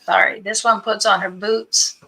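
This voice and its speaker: A woman's voice: mid-range voice, flat delivery, a little slow, vocal fry, pushed and bright, low-quality recording. A woman hosting a livestream, chatting casually with viewers and telling stories in a loose, rambling way. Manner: chatty storytelling, greeting viewers. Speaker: livestream host.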